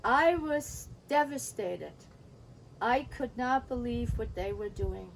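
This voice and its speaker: An older woman telling a personal story from her childhood, pausing now and then to drink or clear her throat. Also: fairly high pitch, lively intonation, slight background noise, rough recording. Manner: pauses to drink and clear throat, recounting quoted dialogue.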